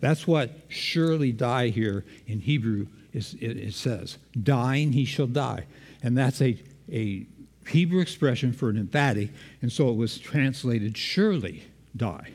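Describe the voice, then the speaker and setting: Male preacher, mid-pitched, conversational sermon delivery, quizzes the room, long hall reverb. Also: lively intonation, unhurried, a little mellow. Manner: engaging, quizzes the congregation.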